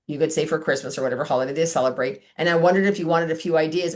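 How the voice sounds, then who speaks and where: A woman's voice: fairly low pitch, expressive, fast talker. A middle-aged woman on a video call, chatting casually as she coaches a sales team and acts out talks with customers.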